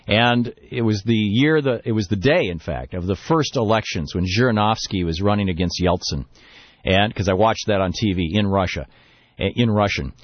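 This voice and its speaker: A man's voice: on the low side, expressive, normal speed, no room sound, highs cut off. A man hosting a radio talk show, telling a long story and then ranting emphatically about politics. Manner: rambling storyteller, building to emphatic rant. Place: radio studio.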